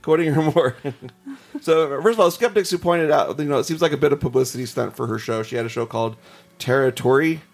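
Gravelly man reading ghost stories. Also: mid-range voice, fairly quick. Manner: reads stories aloud with chuckles and asides. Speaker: podcast host. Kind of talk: casual podcast chat reading ghost stories.

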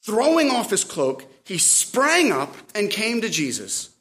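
High-voiced man preaching a lively sermon. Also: measured pace. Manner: dynamic preaching, rising to cries and dropping to quiet asides. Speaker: pastor.

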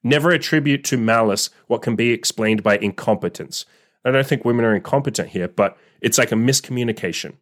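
A man's voice: medium pitch, a little fast. Blunt, swearing male dating coach. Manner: blunt, casual, swears freely, acts out quoted voices. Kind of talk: solo advice monologue.

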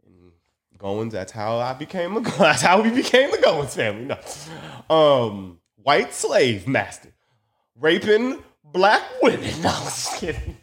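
A man's voice: fairly high pitch, wildly swooping pitch, unhurried, a bit bright. A man hosting a podcast, telling a rambling, profane, joking story into a phone mic. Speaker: podcast host. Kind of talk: casual storytelling monologue.

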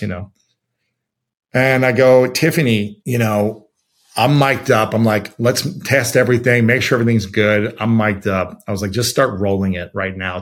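A low-voiced man from Ohio, USA, a podcast host appearing as a guest, tells a story conversationally. He's animated, quoting himself and others and using lots of fillers.

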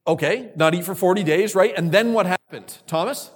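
A man preaches to a group of young people, his voice sitting a little high. He repeats key lines for weight and calls on listeners with questions. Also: a little fast. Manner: repeats key phrases for emphasis. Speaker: youth speaker. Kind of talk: sermon.

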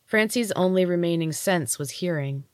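Low-voiced woman reading her fantasy story aloud, dry close sound, steady pace. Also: normal speed, no room sound. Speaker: podcast host and author reading her fiction. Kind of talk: audiobook narration.

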